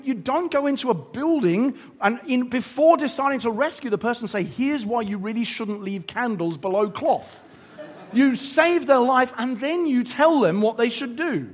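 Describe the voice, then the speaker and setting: A preacher delivering a sermon in a husky voice that sits fairly high. He talks in an animated, conversational way, using humor to make his points.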